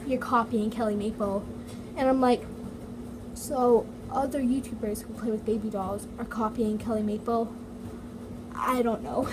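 A female toy vlogger chatting casually in her basement, full of "like" and "so yeah" fillers. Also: sits high. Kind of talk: casual chat reading comments. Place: home basement. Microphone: iPad mini. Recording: noisy home recording, heater hum. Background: heater running.

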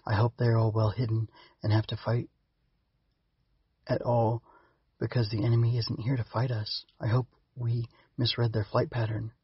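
A man voicing a gentle, cautious young bug boy. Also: medium pitch, flat delivery, slightly rough, no echo, muffled recording. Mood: hushed. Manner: soft-spoken, measured. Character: young male growbug, gentle, hesitant, cautious.

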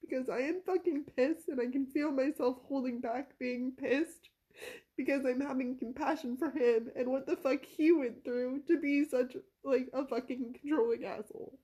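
A woman's voice: high voice, normal speed, mellow, breathy edge. A woman telling a personal family story to camera, heated and blunt, swearing freely and near tears at times. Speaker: vlogger recounting a family conflict.

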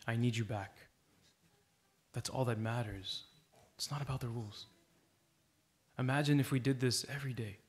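A man's voice: mid-range voice, normal speed, long pauses. A man preaching a sermon in a church, earnest and exhorting, telling a story to make his point.

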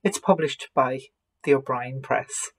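A woman with an Irish accent, a librarian reading a children's storybook aloud with expressive delivery. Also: extremely low pitch, measured pace, slight background noise.

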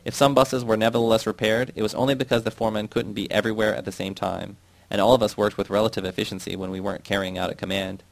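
A man reading a novel aloud in a steady, measured way. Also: fairly low pitch, gravelly, no room sound. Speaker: audiobook reader.

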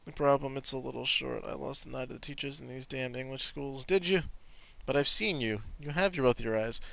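A man's voice: mid-range voice, a little fast, creaky, a bit bright. Profane, joking gameplay streamer man. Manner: profane, joking, chatting to viewers. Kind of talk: casual gameplay commentary.

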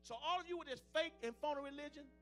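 A man preaching a fiery sermon as pastor, swinging between loud declarations and low, hushed asides. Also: quick pace, soft background music.

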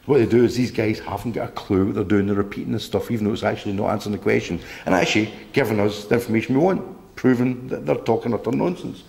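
A man's voice: fairly low pitch, quick pace, gravelly, darkish tone. A man giving a public talk to a local group, indignant and rambling, repeating himself as he reads letters aloud. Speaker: presenter.

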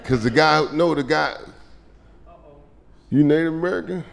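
A man doing live stand-up comedy, telling loose, profane stories and shouting his punchlines. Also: on the high side, moderate pace, vocal fry, very noisy. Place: comedy club stage. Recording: live club recording with crowd laughter. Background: audience laughter.

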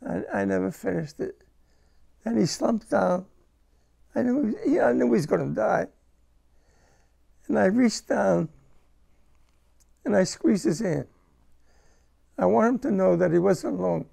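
An older man, a war veteran being interviewed, recalling his experiences in a halting, emotional way and repeating words. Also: sits high, gravelly, warm tone. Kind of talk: first-person war recollection.

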